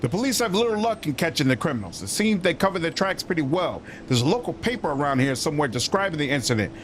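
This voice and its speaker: A man's voice: on the high side, sing-song, quick pace, slight background noise. Prim flustered manor lady, read by a man. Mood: flustered polite. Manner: prim, apologetic, well-bred. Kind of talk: reading game dialogue aloud. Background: game music.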